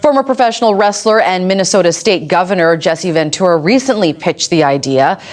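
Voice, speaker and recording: A woman news reporter delivering a report in a neutral, measured way. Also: on the low side, lively intonation.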